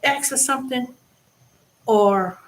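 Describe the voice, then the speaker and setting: A woman hosting her own vlog, giving a blunt, profane monologue that swings between loud bursts and low asides. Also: takes it slowly. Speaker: vlog host. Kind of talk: casual ranting monologue.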